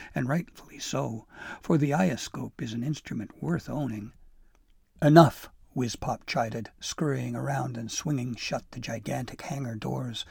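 A man narrating a storybook with gentle, steady storytelling. His voice is gravelly and mellow with a slight huskiness. The sound is dry and close to the mic. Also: mid-range voice, dry recording.

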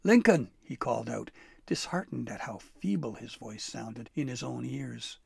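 Guy reading a kids story, super gravelly and husky, dry close mic. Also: mid-range voice, unhurried, no echo. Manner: expressive, dramatic read-aloud. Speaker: narrator. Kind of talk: storybook narration.

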